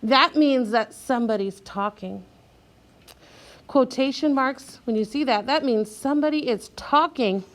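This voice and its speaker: A woman teacher with a high-sitting voice leads a young child through a reading lesson, speaking slowly and clearly. She sounds out letters and offers encouragement.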